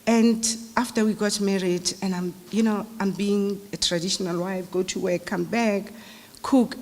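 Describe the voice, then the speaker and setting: Speaking at normal speed with a steady, mid-range, darkish voice, a middle-aged South African woman shares anecdotes in a conversational eulogy. The memorial service takes place in a large hall, and the recording carries its long reverb.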